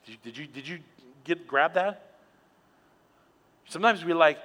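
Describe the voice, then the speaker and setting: A male pastor preaching a sermon in an animated storytelling way, dropping quiet for emphasis. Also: mid-range voice, brisk. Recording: long hall reverb.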